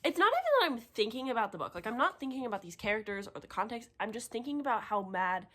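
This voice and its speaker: A young woman in her twenties chatting casually in a reading vlog, excitable and gushing, laughing often and tearful from crying. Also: fairly high pitch, quick pace. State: tearful, having just cried. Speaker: book vlogger.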